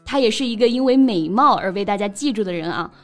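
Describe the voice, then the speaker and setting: A woman's voice: mid-range voice, lively intonation, fast. A woman co-hosting a bilingual English lesson, chatting and laughing often, switching between languages. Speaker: co-host teaching English. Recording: soft music behind.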